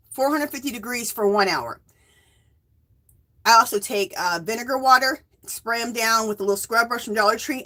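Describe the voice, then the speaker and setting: Bright chatty woman in her fifties. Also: medium pitch. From US West Coast. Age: 50s. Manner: chatty, greets viewers by name, rambling asides. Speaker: livestream host. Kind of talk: casual livestream chat.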